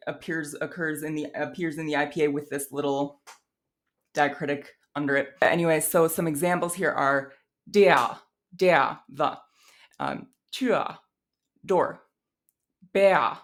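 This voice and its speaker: A woman teaching a language lesson in a chatty, casual way, with lots of fillers and restarts, and carefully sounding out her examples. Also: deep voice. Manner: models examples in an over-careful voice.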